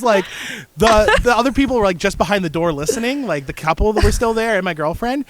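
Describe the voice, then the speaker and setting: A man's voice: high-pitched, animated, fast, a crowd in the background. A man co-hosting a casual podcast, rambling through a story and acting out what people said. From Canada. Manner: rambling storyteller, acts out quotes loudly. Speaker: podcast co-host. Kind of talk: casual chat.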